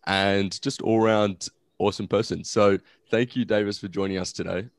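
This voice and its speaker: A man with a lowish voice co-hosts a casual podcast, dropping dry and playful quips. The sound is close and dry. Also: steady tone, normal speed, no echo. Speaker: podcast co-host.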